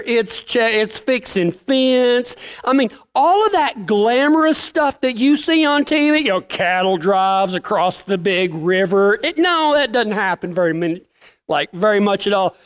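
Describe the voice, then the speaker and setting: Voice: medium pitch, clean tone. A working cowboy telling stories casually, in a folksy, plain-spoken way with rural slang. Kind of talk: casual storytelling.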